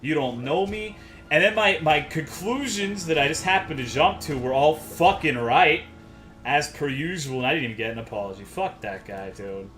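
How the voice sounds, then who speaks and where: A man's voice: a little high, normal speed, fairly bright tone, soft background music. A man streaming a game, ranting to his chat in a worked-up, profane way. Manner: profane, worked-up, swears constantly.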